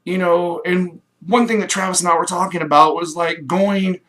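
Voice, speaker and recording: A middle-aged man from Kansas in a rambling, enthusiastic direct-to-camera pitch, acting out little quoted voices. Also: fairly even intonation, normal speed, pushed and bright. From Kansas, USA. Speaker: home business promoter.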